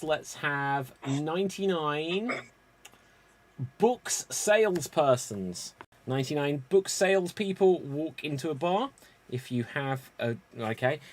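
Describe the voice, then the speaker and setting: A man hosting an online improv game, briskly calling on players by name and telling jokes himself. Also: a little high. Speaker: improv show host.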